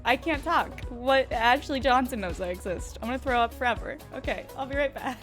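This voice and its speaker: A young woman hosts a live game stream and talks straight to her chat. Her voice sits high, and she chats in an excitable, gushing way. Faint music plays behind her. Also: normal speed. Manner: chatty, addresses chat directly. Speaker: Twitch streamer. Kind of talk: casual live-stream chat while gaming.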